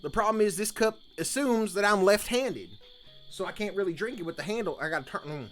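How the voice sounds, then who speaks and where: A man with a high voice chats with his live stream viewers in a folksy camp-counselor persona, drawling "y'all" at every turn. He talks in a home streaming room with a blanket hung behind him, and faint music plays underneath. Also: big pitch swings, a little fast. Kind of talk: casual live-stream chat.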